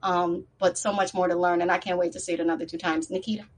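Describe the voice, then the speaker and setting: Woman, lowish voice, passionate, casual podcast discussion. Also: flat delivery, quick pace, low-quality recording. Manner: passionate, building one point on another. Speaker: podcast guest panelist.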